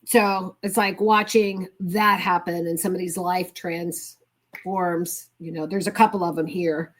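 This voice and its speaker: A woman's voice: lowish voice, steady tone, unhurried. An older woman as a guest in conversation, telling an earnest, heartfelt story from her volunteer work. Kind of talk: casual conversation.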